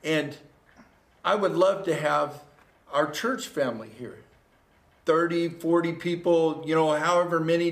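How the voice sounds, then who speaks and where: A man's voice: on the high side, vocal fry, a bit bright. A man preaching a livestreamed sermon as a pastor, earnest and repetitive, building to exhortation. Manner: earnest, repeats phrases, rises to exhortation. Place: church room. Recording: echoey room.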